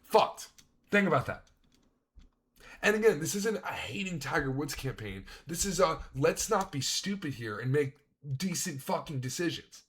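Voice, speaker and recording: A man's voice: on the high side, sing-song, normal speed, fairly bright tone, a little hiss or hum. Fired-up man ranting with profanity. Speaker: streamer reacting to a video. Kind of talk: heated reaction commentary.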